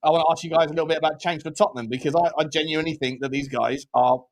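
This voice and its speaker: Fast-talking high-voiced man. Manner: rapid, excitable, swears freely. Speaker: show host. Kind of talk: casual live-stream chat.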